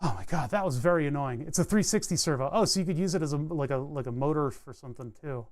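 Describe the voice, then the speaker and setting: A fairly high-pitched man talks at a quick clip in a dry recording. The electronics streamer is soldering and repairing a circuit board live, thinking out loud in a rambling, easygoing manner with self-mocking asides, all while hiccuping and burping.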